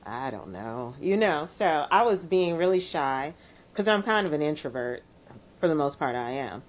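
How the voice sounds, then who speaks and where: A middle-aged woman from Chicago, a DJ guest telling her story in a soft-spoken, reflective way with frequent laughs. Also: deep voice, expressive, moderate pace. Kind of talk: relaxed storytelling interview.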